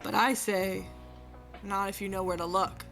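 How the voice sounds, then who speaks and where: A woman's voice: mid-range voice, steady tone, a little slow, a bit bright, faint music behind, pitched below the performer's own voice. A woman voicing a brainy middle-aged male paranormal scientist in a fan fiction reading, with a theatrical, mysterious delivery.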